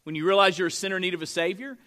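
Male preacher with a high, bright voice, emphatic and conversational at the pulpit. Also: fairly even intonation, rapid-fire. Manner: emphatic, conversational preaching with frequent "right?" tags. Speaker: pastor. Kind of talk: sermon. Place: church room with a live congregation.

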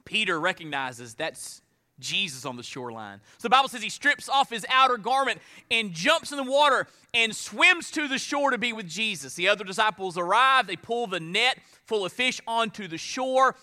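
A male pastor preaching a sermon, swinging between raised emphasis and hushed, slowed phrases. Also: high voice, lively intonation. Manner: dynamic preaching, drops to hushed tones for emphasis.

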